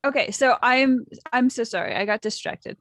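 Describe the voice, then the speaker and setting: A woman's voice: a little high, moderate pace, fairly bright tone, no echo. A woman playing in a tabletop game on a live stream, breezy and self-mocking. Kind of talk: casual chat on a live stream.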